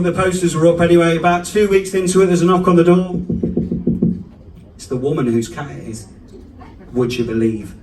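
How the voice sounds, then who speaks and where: A man's voice: high voice, brisk, pauses often, darkish tone, a faint crowd, slight background noise. A male stand-up comedian telling a rambling family story on a club stage, chatty and self-interrupting. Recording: echoey club room from a distance.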